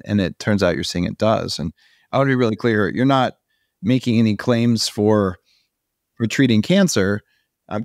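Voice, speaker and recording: A man's voice: mid-range voice, dry recording, clean studio sound. A middle-aged man hosting a podcast interview, talking in a casual, emphatic way. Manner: animated, emphatic when making a point. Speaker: podcast host. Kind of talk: conversational interview.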